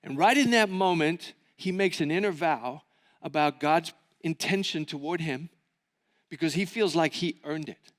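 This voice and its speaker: A high-voiced man preaches to a conference crowd, telling a story with lots of energy and acting out the voices of its characters. His voice rings out with a long reverb from the church hall. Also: measured pace. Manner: animated, acting out quoted voices. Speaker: pastor. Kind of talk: sermon storytelling.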